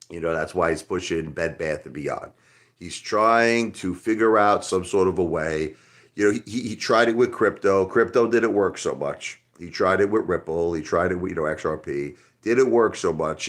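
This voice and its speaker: A middle-aged man with a deep voice hosts a casual livestream. He rambles from one point to the next and answers his chat directly in a loose, conversational way. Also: a bit bright. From Brooklyn, New York. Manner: rambling, talks straight to chat. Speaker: livestream host.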